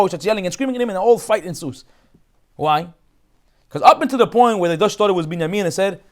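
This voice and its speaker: A man teaching a Torah class as a rabbi, retelling a story in an animated way with many restarts. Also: fairly high pitch, fast talker.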